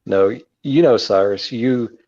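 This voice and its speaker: A man's voice: lowish voice, takes it slowly, dark tone, dull audio. A man co-hosting a casual video game chat, earnest and friendly. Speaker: co-host.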